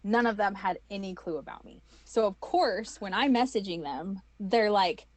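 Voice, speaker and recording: A woman, telling her own story as an interview guest, animated and full of fillers. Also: mid-range voice, moderate pace, dry recording. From United States. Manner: animated, acts out quoted voices, many fillers.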